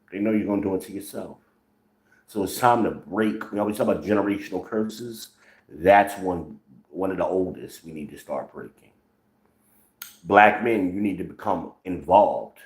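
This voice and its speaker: A man's voice: sits low, measured pace, pauses often, roomy sound, low-quality recording. A man in his forties from the northern United States, hosting his own channel with blunt, profane, sarcastic social commentary. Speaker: channel host.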